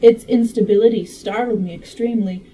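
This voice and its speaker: A woman narrating a classic novel in a relaxed read-aloud style with self-mocking asides. Her voice is mellow and a touch high, set back from the mic. A faint hiss sits behind her. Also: brisk, far from the mic, low-quality recording. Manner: reads steadily, breaks off for joking asides. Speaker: audiobook reader.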